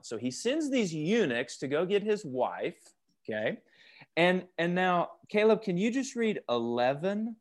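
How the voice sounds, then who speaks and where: A man's voice: sits high, very animated, measured pace. A man leading a youth Bible study over a video call, questioning the group and joking as he teaches.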